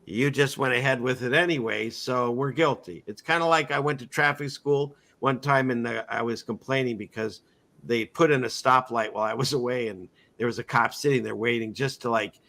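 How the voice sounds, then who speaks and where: A man's voice: mid-range voice, a little fast, vocal fry, pushed and bright. A man hosting a casual interview, telling long rambling stories and acting out the people he quotes. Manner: rambling storyteller, acts out quotes in voices. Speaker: podcast host.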